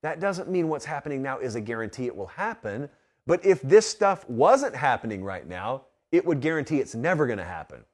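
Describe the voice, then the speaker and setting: Animated man hosting a sports talk show. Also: mid-range voice, a little fast. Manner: animated, emphatic, rhetorical questions. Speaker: host. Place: studio.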